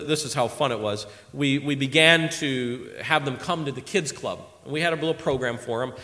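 A man preaching a sermon in an animated way, swinging from loud emphasis to quiet asides. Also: on the high side. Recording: long hall reverb.

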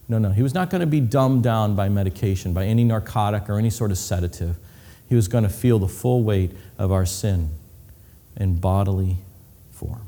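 Preacher in a reverberant hall. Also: male voice, lowish voice, fairly quick, warm tone. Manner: vivid, acts out cries and whispers, medical detail. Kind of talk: sermon with slides.

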